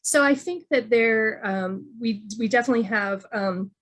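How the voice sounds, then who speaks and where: A woman's voice: a little high, a bit bright. Chatty woman full of fillers. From moved to Nevada from elsewhere. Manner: halting, many fillers and restarts. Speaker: guest from Reno. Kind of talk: casual online chat.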